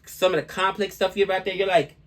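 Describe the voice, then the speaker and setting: A man co-hosting a music reaction show, talking casually in an animated, rambling way. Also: high voice. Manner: animated, talkative, quick asides. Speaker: reaction channel co-host. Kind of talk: casual chat.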